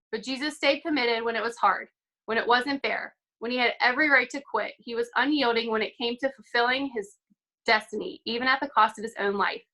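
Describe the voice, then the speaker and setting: A woman's voice: on the high side, bright, forceful tone, poor audio. A young woman giving an upbeat, chatty motivational talk on a video call, full of "like" and "um". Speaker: team call speaker.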